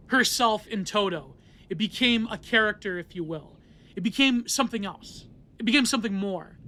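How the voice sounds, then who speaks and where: High, bright-voiced rambling man. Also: a little hiss or hum. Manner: rambling, digressive, many fillers and self-corrections. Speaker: podcast host. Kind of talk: casual solo monologue on art theory.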